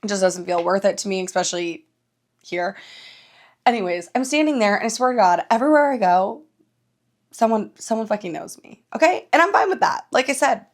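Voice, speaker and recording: A young woman hosting her own podcast, telling stories in a casual, animated way, swearing freely and laughing often. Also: mid-range voice, fairly quick. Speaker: podcast host. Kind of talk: casual solo podcast chat.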